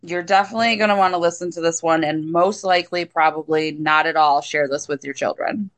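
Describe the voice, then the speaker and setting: A woman's voice: low-pitched, brisk. Exasperated woman podcast co-host. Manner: exasperated, reacts with groans and laughs. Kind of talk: casual podcast banter.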